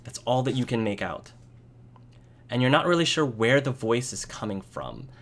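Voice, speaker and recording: Man, game master, narrating a tabletop game, hesitant, frequent restarts, mid pitch. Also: lively intonation, moderate pace, a bit bright. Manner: hesitant, with many restarts and fillers.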